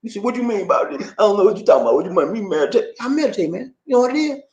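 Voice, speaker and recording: A high-voiced man talks very fast, with a roomy sound, while hosting a casual live-stream chat from his home in the Philippines. This vlog host is from Charleston, South Carolina, speaks with a Gullah Geechee accent, and stays animated, laughing often as he reads viewer comments.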